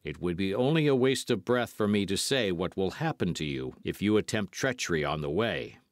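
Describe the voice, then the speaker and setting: Casting: man doing a masked outlaw, low and stern, cold commands, dry sound. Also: expressive, normal speed, dry recording. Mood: commanding. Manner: stern, clipped threats.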